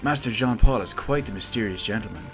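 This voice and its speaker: Dude doing a gushy lovestruck robot girl in a game, higher voice, jealous. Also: fast, a bit bright, faint music behind. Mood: infatuated. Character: lovestruck female robot villager, gushing and jealous.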